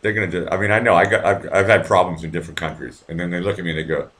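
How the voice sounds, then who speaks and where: Deep-voiced profane man from Boston hosting. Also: fast, few pauses, fairly bright tone. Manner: rambling, profane, many restarts. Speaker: live show host. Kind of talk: casual live-stream talk with callers. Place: apartment at night.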